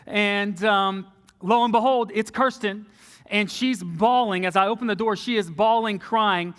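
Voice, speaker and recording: A young man telling a personal story from the front of a church, animated and often dropping low and soft for quoted lines. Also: measured pace, smooth. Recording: long reverb of a large hall.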